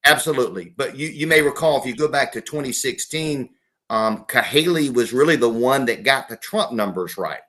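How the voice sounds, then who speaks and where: A man's voice: medium pitch, expressive, moderate pace, bright, forceful tone. A middle-aged man from South Carolina, a former state legislator, talking politics as a guest in an interview with folksy self-corrections and restarts.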